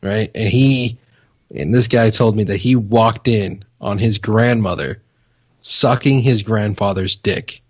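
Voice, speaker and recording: Male podcast co-host, husky low voice, deadpan, dry sound. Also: takes it slowly, dry recording. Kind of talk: casual podcast banter.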